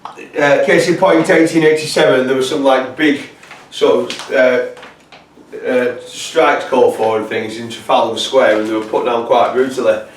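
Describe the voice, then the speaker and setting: A man's voice: medium pitch, fairly even intonation, a little hiss or hum. Rambling man lecturing to camera. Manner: rambling, halting, many fillers. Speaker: presenter. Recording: roomy echo, distant mic.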